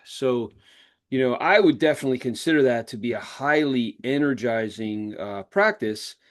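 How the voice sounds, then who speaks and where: A man teaching a live breathwork class, talking listeners through each breath with calm, repeated cues. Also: mid-range voice, normal speed. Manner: calm, repetitive guiding cues. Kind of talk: guided breathwork instruction.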